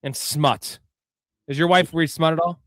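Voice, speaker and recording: A man's voice: fairly high pitch, steady tone, unhurried, fairly bright tone, no echo, studio quality. A man hosting a live fantasy football show, talking in a casual, rambling, profane way.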